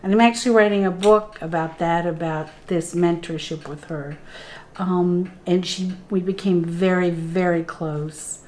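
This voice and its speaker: Slow, earnest woman telling her story. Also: fairly low pitch, steady tone, darkish tone. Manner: slow, earnest telling that replays dialogue in the moment. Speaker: spiritual guide and interview guest. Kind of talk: personal storytelling in conversation.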